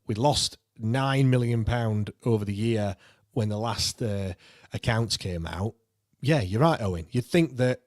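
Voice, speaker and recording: A man's voice: on the low side, no echo, clean studio sound. A man hosting a casual football fan chat, talking in a chatty way with frequent restarts and reading out viewer comments. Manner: chatty, laughs often, frequent repeated restarts.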